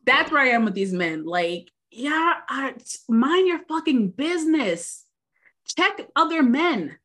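A woman's voice: high-pitched, big pitch swings, takes it slowly, a bit bright. A woman from New York co-hosting a podcast, ranting in casual, profane chat. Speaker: podcast co-host.

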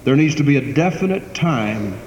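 A man's voice: medium pitch, expressive, normal speed, a little mellow, lo-fi sound. A man preaching a sermon as pastor, emphatic, swelling and dropping his volume for effect. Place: church sanctuary. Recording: echoey church hall, faint background noise.

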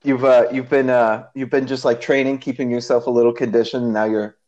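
A laid-back man from the Midwest hosts a podcast, chatting loosely with plenty of fillers and easy laughs. His voice sits at an ordinary middle pitch, and the recording sounds a bit dull and lo-fi. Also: level tone, fairly quick, a little mellow. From American Midwest. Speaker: podcast host. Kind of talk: casual chat.

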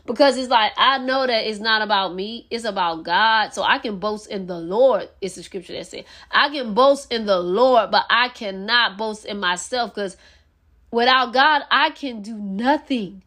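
A woman hosts a faith podcast and works through scripture in a casual teaching style. Her voice sits a little high. She is earnest and preachy, often repeating a line to drive it home. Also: normal speed, fairly bright tone. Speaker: podcast host.

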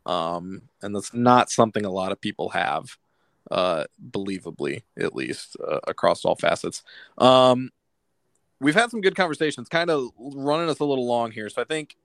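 A man's voice: mid-range voice, animated, moderate pace, gravelly, no echo. A man hosting a podcast in casual chat, steering the talk from topic to topic. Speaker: podcast host.

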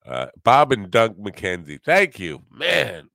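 An older man hosting a podcast in casual, rambling chat, halting often and joking at his own expense. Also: on the low side, huge pitch swings, creaky, sharp tone, dry recording. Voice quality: rambling, halting, self-deprecating. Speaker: podcast host.

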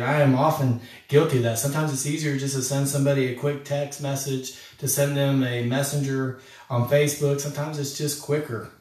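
A man's voice: medium pitch, a little mellow. A man preaching a sermon as a pastor, talking in an earnest, conversational way and addressing listeners as friends. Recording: echoey room, voice from a distance.

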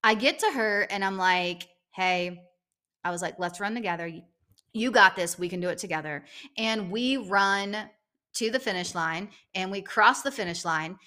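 A middle-aged woman co-hosting a podcast, telling a story in a casual chat and acting out the quotes with big jumps in pitch. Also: normal speed, pushed and bright. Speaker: podcast co-host.

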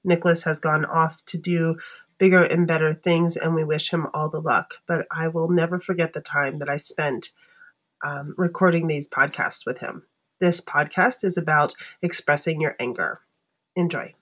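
A woman with a somewhat low voice delivers a scripted podcast introduction. She reads in a calm, earnest, unhurried way, like a host welcoming listeners.

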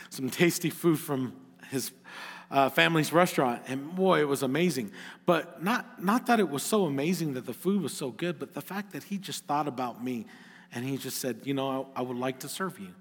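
A man's voice: medium pitch, a little fast, in a large hall. A middle-aged male pastor preaching a sermon, earnest and at times rising to emphatic exhortation.

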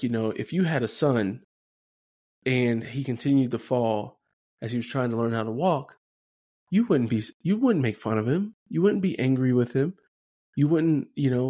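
A man's voice: mid-range voice, mellow. A man hosting a Catholic reflection podcast, talking casually and conversationally, often tagging his points with "right?". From Denver area, USA. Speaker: podcast host.

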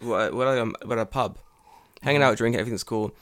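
A man's voice: mid-range voice, fast, a bit bright. Sweary young podcast guy. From United Kingdom. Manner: swears a lot, mocks people in voices. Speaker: podcast co-host. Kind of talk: casual chat.

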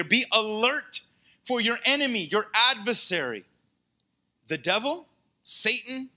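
A man preaching a sermon in a conversational, animated way, with asides to his listeners in a church or meeting hall. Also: high-pitched. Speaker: pastor.

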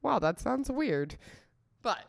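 A young woman hosting a casual livestream, loud and laughing, swearing often as she chats to her viewers. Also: fairly high pitch, sing-song, slow pace, gravelly. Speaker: livestream host.

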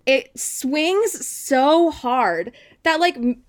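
A woman's voice: high-pitched, expressive, extremely slow. A young woman co-hosting a casual film chat, giggly and rambling.

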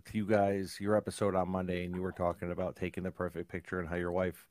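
Relaxed low-voiced guest. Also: male voice, fast, dry recording, studio quality. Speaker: podcast guest. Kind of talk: casual chat.

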